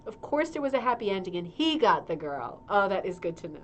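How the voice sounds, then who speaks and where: A woman's voice: medium pitch, big pitch swings, a little fast, a bit bright, a little hiss or hum. A middle-aged woman hosting a casual livestream, reading a magazine aloud with chatty asides, in an indoor room. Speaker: show host reading a magazine. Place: indoor room with a humming heater.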